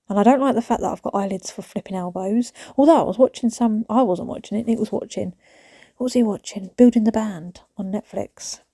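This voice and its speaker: A woman's voice: medium pitch, mellow, no echo, studio quality. A woman in her thirties with a British accent, chatting casually to a phone camera at home while doing housework, rambling and often dropping to a whisper. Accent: British English. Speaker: vlogger. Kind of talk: casual chat while decluttering. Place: small home, indoors.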